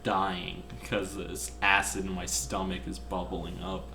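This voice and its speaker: A man's voice: low voice, completely flat delivery, a little slow, creaky, sharp tone, reverberant, soft background music. A man co-hosting a casual podcast, loose and joking, swearing freely. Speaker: podcast co-host.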